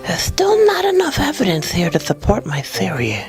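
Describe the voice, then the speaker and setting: A man telling funny personal stories in an animated storytelling video, jokey and full of voice switches. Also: high-pitched, moderate pace, gravelly. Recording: voice-over with music bed.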